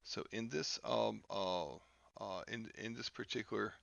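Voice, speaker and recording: A man teaching a software lesson over a screen recording, talking haltingly with many fillers and restarts. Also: lowish voice, steady tone, creaky, no echo, dull audio. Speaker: instructor.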